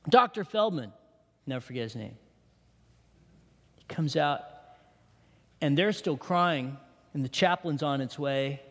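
High-voiced pastor man in a hall. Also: lively intonation, a little slow, long pauses. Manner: emotional storytelling, drops to hushed tones. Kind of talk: sermon testimony.

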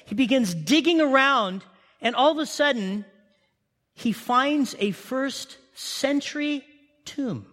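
A man preaching an Easter sermon, telling a story with animated delivery and repeating key lines for emphasis. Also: very high voice, slow pace, big-room sound. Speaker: pastor.

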